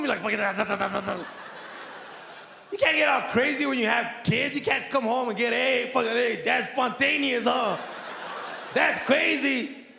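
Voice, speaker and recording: A man's voice: very high-pitched, vocal fry. A middle-aged man doing a stand-up comedy routine on stage, swearing freely and acting out his family's voices. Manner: profane, animated, acts out voices of family. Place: comedy stage before a live audience. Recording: echoey hall with audience.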